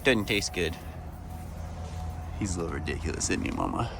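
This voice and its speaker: A man's voice: low voice, animated, normal speed, background noise. A man hosting a casual farm vlog outdoors, talking affectionately and teasingly to his animals. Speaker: host.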